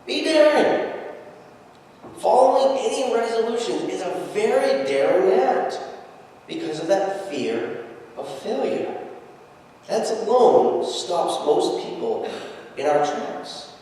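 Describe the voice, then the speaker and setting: A man pastor preaching a sermon, telling the scripture story with lively acted-out quotes. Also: high-pitched, takes it slowly. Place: church sanctuary. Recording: echoey church hall from far off.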